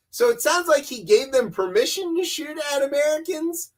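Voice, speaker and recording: A man's voice: very high-pitched, lively intonation, moderate pace. A man co-hosting a comedy news podcast, talking in a sarcastic, rambling way. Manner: sarcastic, rambling, does mocking voices. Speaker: podcast co-host.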